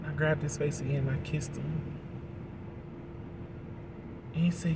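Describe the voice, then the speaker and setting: A man telling a personal story to his viewers in a confessional storytime monologue, emotional and halting, often repeating words. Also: fairly high pitch, little pitch movement, creaky, background noise.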